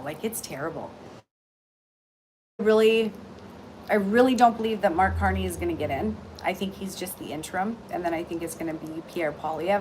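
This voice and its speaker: A middle-aged Canadian woman chatting casually and warmly on a livestream, full of ums and restarts, about heartfelt topics. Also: fairly low pitch, background noise. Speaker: intuitive reader and shop owner. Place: aboard a cruise ship. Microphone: phone livestream.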